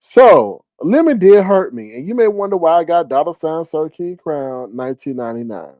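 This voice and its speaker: A man hosting a casual livestream commentary, his voice swooping widely as he reacts. He talks in an animated, exclamatory way and laughs often. The sound is dry and close. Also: a little high, normal speed, no echo, poor audio.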